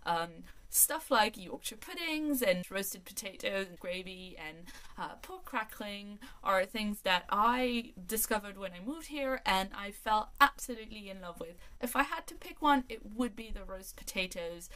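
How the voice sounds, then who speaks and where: A woman's voice: medium pitch, expressive, a little slow, pushed and bright. A woman in her thirties from France, her first language French, reading out tag questions and answering them in a chatty, enthusiastic way. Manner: chatty and enthusiastic, reads each question aloud. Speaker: book vlogger. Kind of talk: casual tag video answers.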